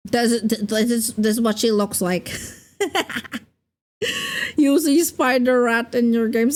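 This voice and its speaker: Slow, giggly young woman streamer. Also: a little high, fairly even intonation, darkish tone. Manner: rambling, giggly, full of fillers. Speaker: VTuber streamer. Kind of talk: casual livestream chat.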